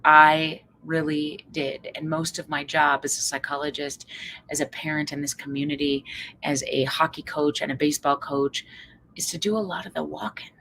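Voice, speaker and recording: A woman psychologist from Canada giving a motivational talk, lively and acting out quoted voices. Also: vocal fry, slight background noise, rough recording. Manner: lively, acts out quoted voices with big pitch jumps. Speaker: psychologist and speaker.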